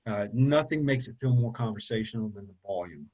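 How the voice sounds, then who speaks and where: Guy teaching a speech class, kinda husky voice, chatty and repeats himself a lot. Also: lowish voice, animated, fairly quick, a little mellow, muffled recording. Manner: conversational, repeats points, asks okay and right. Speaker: college public speaking instructor. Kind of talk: casual classroom lecture.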